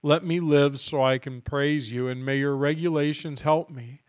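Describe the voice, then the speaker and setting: A man hosting a Bible reading podcast, reading scripture aloud in an earnest, unhurried way while his throat is scratchy and his voice is starting to go. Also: fairly high pitch, fairly even intonation, clean tone, no echo, lo-fi sound. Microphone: studio mic.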